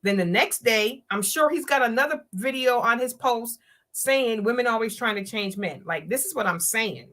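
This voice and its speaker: A woman's voice: a little high, lively intonation, moderate pace, bright, forceful tone. A woman hosting a live-streamed talk show, speaking emphatically and preaching her point, often acting out the words of others. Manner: emphatic, preachy, acts out quotes in voices.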